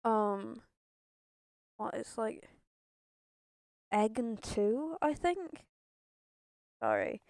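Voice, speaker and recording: Young woman streamer, rambly and sweary, slow and kinda high, dry close sound. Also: animated, darkish tone, no echo. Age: young adult. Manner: rambling, swears, laughs often. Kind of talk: casual gameplay chatter.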